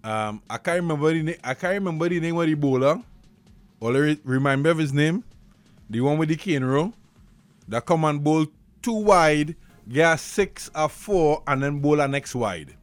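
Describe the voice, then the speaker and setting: A man with a Trinidadian accent, hosting a radio show with casual chat and live ad reads, animated and excitable. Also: fairly high pitch, normal speed, no room sound, faint music behind. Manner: animated, excitable, slips into dialect rants. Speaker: radio host.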